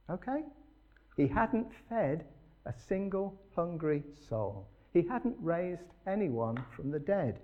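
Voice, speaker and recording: A man's voice: fairly high pitch, warm tone, lo-fi sound. A man preaching a sermon in an earnest, emphatic way, putting rhetorical questions to his listeners.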